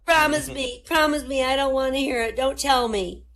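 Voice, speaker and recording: Woman doing a ten-year-old boy, high-pitched, pleading, dramatic, joke character. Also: moderate pace, a bit bright.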